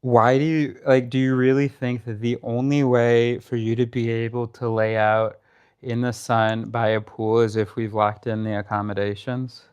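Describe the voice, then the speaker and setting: A man's voice: medium pitch, flat delivery, moderate pace, darkish tone, smooth, dull audio. A man arguing with his partner in a casual conversation, pressing his points in a sarcastic, challenging way. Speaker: partner in a debate. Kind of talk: casual argument between partners.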